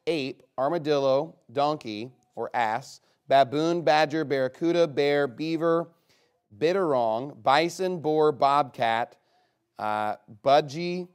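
A man leading a guessing game with a live group, reading out a long list in a chatty, upbeat way with quick asides. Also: fairly high pitch, clear, resonant tone.

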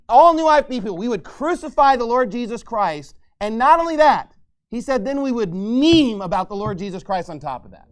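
A man with a high-pitched voice preaches a fiery, combative sermon from his own pulpit. His delivery swings into angry, mocking outbursts, with shouting at times. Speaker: pastor.

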